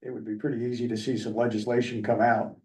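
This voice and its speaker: A man's voice: mid-range voice, level tone, darkish tone, recorded from a distance. Cautious man heard from afar. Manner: measured, cautionary. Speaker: county commissioner. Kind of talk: giving an opinion in a work session. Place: county meeting room.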